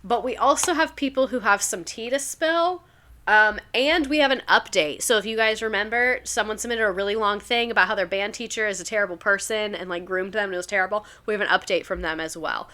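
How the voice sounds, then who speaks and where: A woman's voice: mid-range voice, fairly quick, sharp tone. A young woman chatting casually on a live stream, reading viewer stories aloud and reacting to them. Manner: chatty, reads submissions aloud, reacts emotionally.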